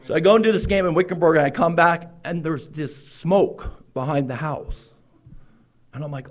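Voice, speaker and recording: A man's voice: a little high, lively intonation, moderate pace. A man speaking at a recovery meeting, telling his own story with wry, self-mocking humor and frequent laughs, in a meeting room.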